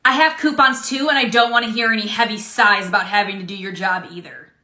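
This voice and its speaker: A woman's voice: medium pitch, fairly even intonation, fast, bright, forceful tone, close to an everyday voice. A woman playing an entitled, condescending customer in a comedy skit, demanding and indignant. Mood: shrill, bossy. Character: entitled rude middle-aged woman customer. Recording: roomy echo.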